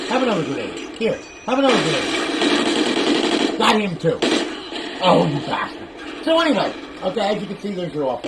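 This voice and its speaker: A fairly high-voiced man talks through a gameplay demo in a loose, rambling way, dropping curses and yelling taunts at the other players. The recording carries a steady layer of background hiss. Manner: rambling, profane, bursts into loud trash talk at opponents. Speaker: console modder demoing a modded console. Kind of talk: casual gameplay tutorial with commentary.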